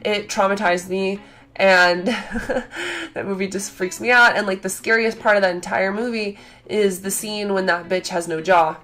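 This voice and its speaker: A woman's voice: mid-range voice, unhurried. Gushing young woman vlogger. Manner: gushing, excitable, heavy use of "like" fillers. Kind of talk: casual chat to camera.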